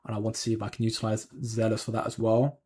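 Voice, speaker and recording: Husky-voiced man rambling on a crypto stream. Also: fairly low pitch, completely flat delivery, fast talker, warm tone. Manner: rambling, hedging, frequent ums and restarts. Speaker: crypto channel host. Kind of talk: casual livestream chat answering viewer comments.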